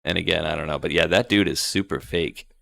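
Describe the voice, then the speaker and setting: A man with a fairly low, gravelly voice hosts a relaxed live show. He reads posts aloud and reacts in an easygoing way. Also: quick pace. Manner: laid-back, laughs often. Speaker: show host. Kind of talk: casual chat, reading posts aloud.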